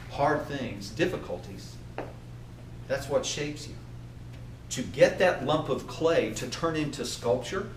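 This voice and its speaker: A man giving a motivational training talk to a group, animated and often asking his listeners questions. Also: mid-range voice, a little hiss or hum. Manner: animated, asks the audience questions. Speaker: workplace trainer. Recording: echoey room from far off.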